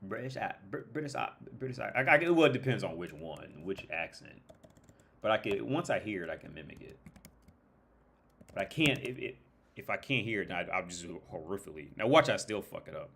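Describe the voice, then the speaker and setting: Rambling, profane man with a low, lively voice. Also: fairly quick, gravelly, a little hiss or hum. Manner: rambling, profane, lots of fillers and restarts; imitates British and Irish accents. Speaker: livestream host. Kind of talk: casual livestream chat.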